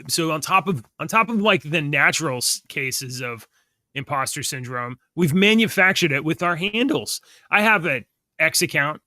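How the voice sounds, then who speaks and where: A man's voice: a little high, bright, forceful tone, no echo, clean studio sound. A man in his forties co-hosting a podcast, rambling and correcting himself as he talks, often laughing. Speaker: podcast co-host. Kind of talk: casual chat.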